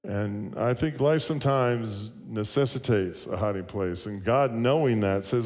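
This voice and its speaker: A man's voice: fairly low pitch, a little slow, hardly any pauses, big-room sound. A male pastor preaching a sermon, earnest and storytelling, with rhetorical questions.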